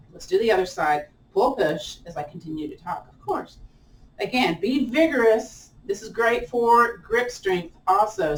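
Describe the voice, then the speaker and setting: A woman's voice: medium pitch, far from the mic. A woman with an American twang talks a class through chair yoga in a chatty, playful way, often laughing at her own remarks. She is picked up from across an echoey room, with a faint hiss behind her. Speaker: yoga instructor.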